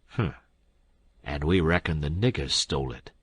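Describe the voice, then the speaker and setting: A man voicing a sly older male con man who drawls and answers with sarcasm, his voice husky. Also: very deep voice, expressive, moderate pace, a bit bright, exaggerated voice.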